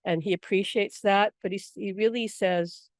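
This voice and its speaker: A woman spiritual teacher talking casually through a workshop session, telling stories with frequent laughs and quick asides. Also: mid-range voice, steady tone, darkish tone, dry recording, studio quality. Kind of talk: casual storytelling talk with viewer questions.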